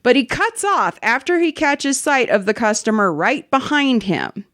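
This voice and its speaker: A woman's voice: fairly high pitch, sing-song, a little slow, a bit bright, dry recording, clean studio sound. A woman hosting a casual podcast, animatedly reading a listener's story aloud with swearing and laughter. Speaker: podcast host.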